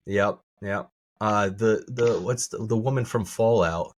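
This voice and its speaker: A man's voice: on the low side, measured pace. A man co-hosting a podcast in casual chat, laughing often, stammering and restarting his sentences. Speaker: podcast co-host.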